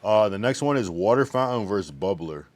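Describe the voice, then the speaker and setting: A man with a low, deep voice, talking loosely to his chat on a livestream. He reads viewers' messages aloud and riffs on them with slang and casual swearing. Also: animated, brisk, a little mellow. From United States.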